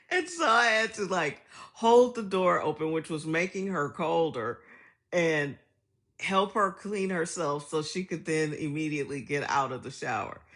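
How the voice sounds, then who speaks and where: A woman's voice: deep voice, animated, slow pace, a bit bright. A middle-aged woman talking in a casual vlog monologue, chatty and reflective, laughing often as she tells stories. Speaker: vlogger.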